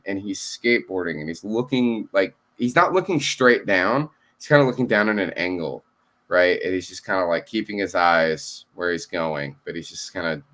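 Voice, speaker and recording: A man co-hosting a casual chat, animated and swearing freely, laughing often and acting out quotes. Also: lowish voice. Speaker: co-host.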